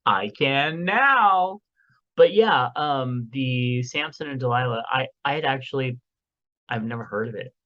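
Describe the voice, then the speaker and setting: A man co-hosting a podcast from a home recording room with the window open chats in a casual, rambling way, joking and trailing off with lots of fillers. His medium-pitched voice is unhurried, bright, and forceful, though the highs are cut off.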